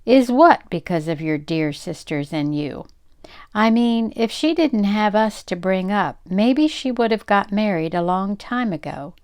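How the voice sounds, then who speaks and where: Eager storybook boy, earnest and excited, read by an older woman. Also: mid-range voice, a little slow, smooth, lightly acted.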